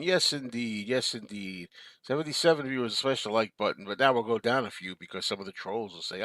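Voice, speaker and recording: This is a dry recording of a man hosting a live stream at his home desk, speaking fairly quickly in a lowish voice with a sharp tone. Easygoing and given to frequent chuckles, he reads out comments from viewers and replies to the chat casually.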